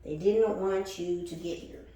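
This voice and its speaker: Woman spiritual reader: slow, blunt and profane, laughs often, recorded in a very echoey room. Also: fairly low pitch, steady tone, background noise. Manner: emphatic, repeats phrases for effect. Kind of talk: casual spiritual reading to camera.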